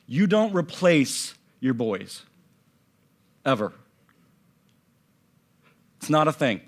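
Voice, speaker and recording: A man preaching a sermon from a church stage, swinging between loud emphatic lines and hushed, near-whispered passages. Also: on the high side, very animated, takes it slowly, long pauses. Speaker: pastor.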